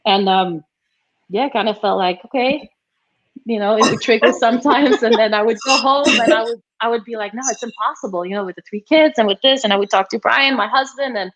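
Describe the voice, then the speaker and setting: A woman's voice: fairly high pitch, a little fast, fairly bright tone. A woman guest chatting casually and rambling a little, with plenty of fillers and restarts. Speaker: guest, former tennis player. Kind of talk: casual chat. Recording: slightly dull, muffled audio.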